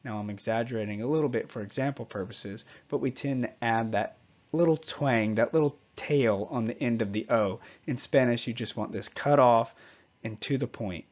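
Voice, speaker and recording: A man teaching a Spanish pronunciation lesson, patiently repeating each example word slowly and clearly. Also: mid-range voice, darkish tone, muffled recording.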